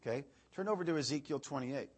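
Husky and expressive, this evangelist talks fast at a medium pitch. His sermon is loose and conversational, heavy on filler, and his voice swells loudly each time he quotes scripture.

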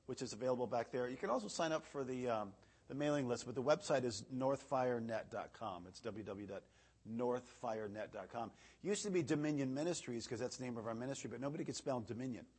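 An evangelist preacher with a mid-range, slightly breathy voice delivers a casual sermon packed with filler words. His tone is chatty, but he gets loud whenever he reads scripture aloud, building emphasis as he goes.

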